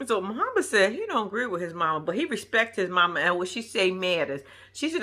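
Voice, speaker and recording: A woman with giving a slangy, animated casual recap of a reality show, acting out the quotes. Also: mid-range voice, normal speed.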